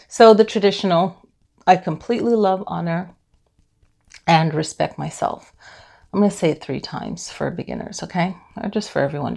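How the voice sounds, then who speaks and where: Woman, tapping instructor, gentle guided affirmations, husky fry in the voice. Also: on the low side.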